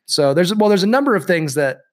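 A man co-hosting a casual podcast, his voice a touch high for a man. He rambles, restarts sentences and keeps things jokey. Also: very animated, fairly quick. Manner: rambling, self-interrupting, jokey. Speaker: podcast co-host. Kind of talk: casual chat.

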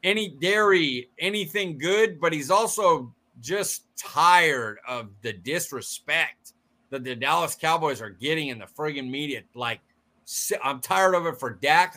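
A man co-hosting a sports podcast, fired up and blunt, mocking pundits in quick bursts. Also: fairly high pitch, sharp tone. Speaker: podcast co-host. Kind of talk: casual sports chat.

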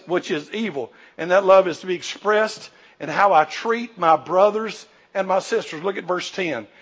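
Emphatic high-voiced preacher. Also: male voice, slightly rough, lo-fi sound. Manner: emphatic preacher, rising to shouts, acting out quoted voices. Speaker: pastor. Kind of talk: sermon. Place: church sanctuary.

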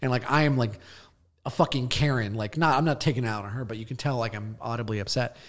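A man's voice: mid-range voice, fast. A young man chatting casually as a podcast host, rambling through a long story and swearing freely. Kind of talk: casual chat.

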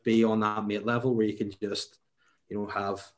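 Rambling Northern Irish man, low voice. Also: little pitch movement, moderate pace. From Northern Ireland. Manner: rambling, many restarts and "you know"s. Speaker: stand-up comedian, guest. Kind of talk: casual interview chat.

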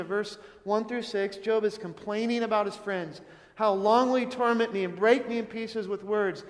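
A man's voice: high voice, in a large hall. A man preaching a sermon in an earnest, questioning way, often asking his listeners something. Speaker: pastor.

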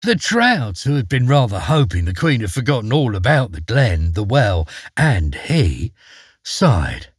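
A male storyteller reading a folk tale with playful, expressive delivery. His pitch ranges very widely and his tone is husky. The recording is close and dry. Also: unhurried, dry recording. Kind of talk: storybook narration.

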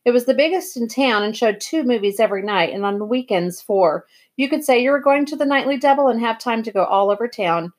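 A woman reading a novel aloud in a plain, even first-person narration. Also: on the high side, fairly quick. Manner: plain, even read-aloud with throat clearing. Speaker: reader.

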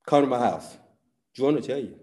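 A pastor preaching a sermon, folksy with "y'all", swinging between loud bursts and hushed asides. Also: male voice, mid-range voice, expressive, fairly quick. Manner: folksy talk with "y'all" and "ain't".

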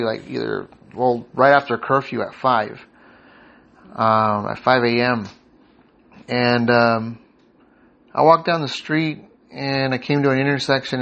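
A man hosting a podcast, telling a personal faith story in an earnest, rambling way with many fillers and restarts, growing animated as he retells his own thoughts. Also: medium pitch, vocal fry. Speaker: podcast host. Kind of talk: casual spiritual storytelling.

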